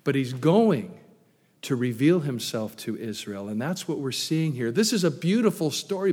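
A pastor preaching a sermon, animated, loudly acting out the lines he quotes. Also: a little high. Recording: long hall reverb.

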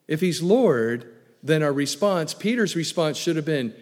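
A man preaching a sermon as pastor, swinging from booming emphasis to low asides. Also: very animated, moderate pace. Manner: preaching with wide swings in loudness, booming then dropping low. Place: church sanctuary. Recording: long reverb of a large hall.

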